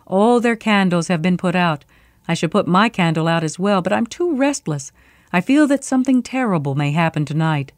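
A woman's voice: fairly low pitch, expressive, moderate pace, no room sound, studio quality, natural voice. A woman voicing a restless, uneasy nobleman in a storybook reading, murmuring in a raised voice.

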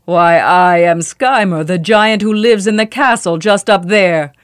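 A woman doing a booming mocking giant. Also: a little slow, smooth, dry recording, studio quality, lightly acted. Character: huge booming jolly male giant, mocking.

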